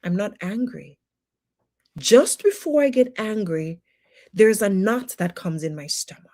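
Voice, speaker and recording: A woman's voice: medium pitch, expressive, unhurried, a little mellow. A woman teaching personal development on a livestream, emphatic and full of rhetorical questions, with faith-based encouragement.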